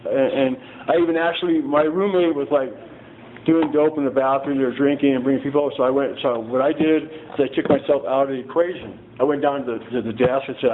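A man telling his own story to a group at a recovery meeting, rambling and halting, with many restarts and a lot of "you know" and "man.". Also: medium pitch, steady tone. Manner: earnest, plain-spoken. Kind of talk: unscripted personal testimony. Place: meeting room in front of a group. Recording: tinny phone-like sound with faint hiss.

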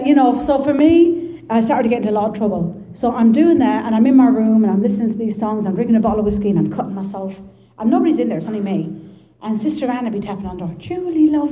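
A woman with an Irish Midlands accent telling her story at a recovery meeting, lively and joking. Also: mid-range voice, echoey room, low-quality recording. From Ireland. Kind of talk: personal testimony to an audience.

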